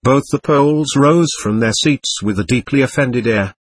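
Husky man narrating a novel. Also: mid-range voice, normal speed. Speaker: audiobook narrator. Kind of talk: scripted narration.

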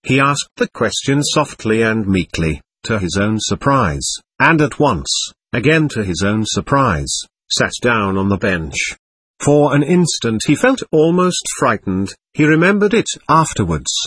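A man reads a classic novel aloud in a measured storytelling way. His husky voice moves through a lively range of pitch. The recording is dry and close. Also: no room sound. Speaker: audiobook narrator. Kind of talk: scripted narration of a classic novel.

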